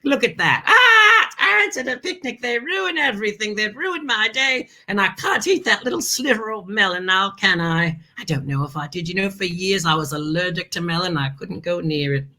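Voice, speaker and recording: A woman's voice: medium pitch, animated, normal speed, bright, forceful tone. A woman hosting a family learning show, chatting playfully and theatrically, with frequent asides and calling viewers "darling.". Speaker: host.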